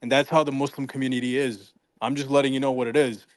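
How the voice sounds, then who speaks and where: A man's voice: mid-range voice, little pitch movement, fast, no echo. A man calling in to a live debate, rambling and hesitant, often repeating himself. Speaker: caller. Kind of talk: call-in debate.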